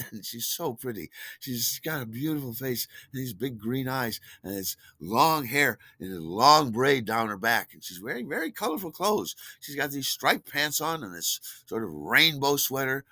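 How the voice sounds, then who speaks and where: Animated man with a bright, lively voice. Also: no room sound. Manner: animated, delighted, acts out quotes with big pitch jumps. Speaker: storyteller. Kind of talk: casual spoken storytelling.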